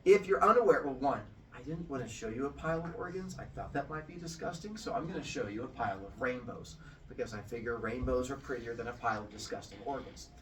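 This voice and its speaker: A man's voice: medium pitch, animated, quick pace, fairly bright tone, slight background noise. A man teaching children, retelling a myth playfully and quizzing the class. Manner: playful, asks the class questions. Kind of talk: animated storytelling lesson to children. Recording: from far off in a classroom.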